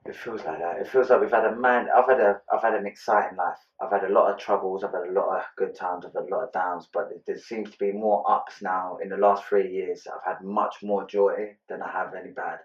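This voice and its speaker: A man's voice: low-pitched, fairly even intonation, brisk, hardly any pauses. A man talking in casual podcast chat, earnest and slangy, swearing freely. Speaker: guest, ex-offender charity ambassador. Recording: echoey room, distant muffled mic.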